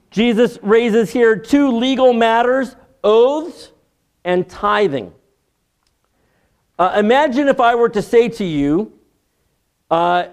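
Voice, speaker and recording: A man giving an expository sermon in a measured teaching manner, with dry asides. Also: high-pitched, clear, resonant tone. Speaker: preacher.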